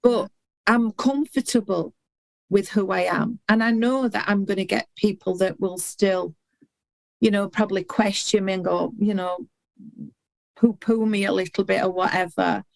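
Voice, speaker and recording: A middle-aged woman talks candidly as a podcast guest in a heartfelt, earnest way, stumbling over and restarting her words. Her voice sits at an ordinary mid pitch, and the recording is dry and close with no room echo. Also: fairly even intonation, normal speed, gravelly, darkish tone. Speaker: guest, intuitive healer and hypnotherapist.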